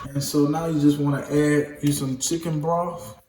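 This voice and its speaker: On the high side and slightly dark in tone, this male home-cooking vlogger speaks flatly at a moderate pace. He chats casually with his viewers as he cooks, cracking jokes, apologizing often, and calling them "y'all," in an echoey room backed by music.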